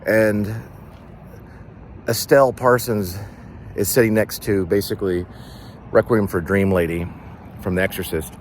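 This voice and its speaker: A man's voice: fairly low pitch, fairly even intonation, measured pace, pauses often, a little hiss or hum. A man hosting a casual vlog, telling a rambling, digressive story full of fillers and restarts, recorded in a car. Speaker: vlog host.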